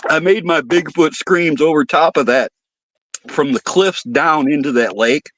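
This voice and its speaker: Storytelling man, fairly high voice, dry close sound, animated, swears a lot. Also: measured pace, no room sound, poor audio. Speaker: podcast guest. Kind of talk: casual storytelling.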